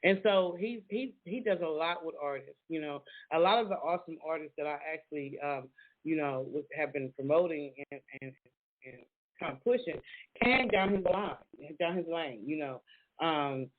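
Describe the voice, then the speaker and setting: A woman with a Southern American accent co-hosting a casual chat, animated and quick to laugh. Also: sits low. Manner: animated, chatty, laughs often. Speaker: co-host. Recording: tinny phone-like line.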